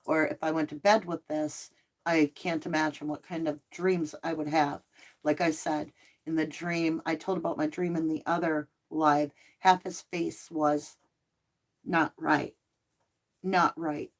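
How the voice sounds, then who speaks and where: A middle-aged woman hosts a casual livestream and talks in a loose, chatty way. Her voice sits a little low, and she answers viewers as she goes. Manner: chatty, reads out viewer comments. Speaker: livestream host.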